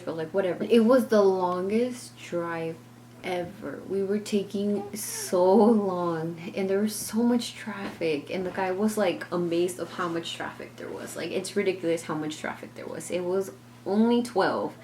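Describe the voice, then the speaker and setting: A woman's voice: fairly low pitch, moderate pace, mellow, a little hiss or hum. A young woman vlogger telling a family story in casual, rambling talk full of fillers.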